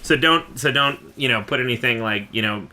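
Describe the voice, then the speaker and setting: A man's voice: medium pitch, a little fast, bright, forceful tone. A man hosting a podcast, chatting casually with jokes and lots of fillers. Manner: rambling, jokey, lots of fillers. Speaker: podcast host. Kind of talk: casual chat.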